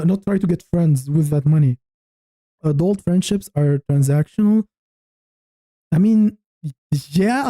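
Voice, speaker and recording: A man's voice: sits high, warm tone, no room sound, poor audio. A man in his thirties from Tunisia, a livestreamer chatting casually with viewers in a frank, rambling way, often restarting his sentences. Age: 30s. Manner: frank, rambling, thinking aloud with many restarts. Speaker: YouTube livestreamer.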